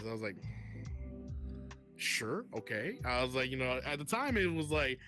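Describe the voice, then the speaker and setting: A man's voice: mid-range voice, big pitch swings, normal speed, music in the background. A congested man co-hosting a casual podcast over virtual-reality voice chat, telling stories with lots of swearing and laughter. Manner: swearing, storytelling, laughs often. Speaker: podcast co-host.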